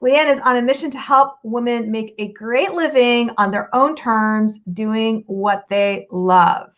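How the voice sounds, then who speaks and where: A woman hosting a podcast, speaking a little higher than most, with a playful, teasing manner and quick asides. The audio is a bit dull and lo-fi. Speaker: podcast host. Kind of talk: casual interview chat.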